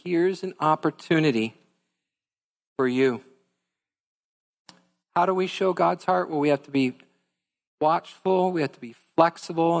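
A man's voice: on the high side, gravelly, big-room sound. A man preaching a sermon as pastor, earnest and conversational, speaking directly to his congregation. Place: church sanctuary.

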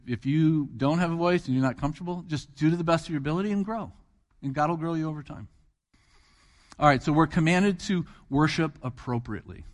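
A man's voice: fairly high pitch, in a large hall. A middle-aged man preaching a sermon as guest preacher, talking in a conversational way, asking the congregation questions and repeating phrases for emphasis. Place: church hall.

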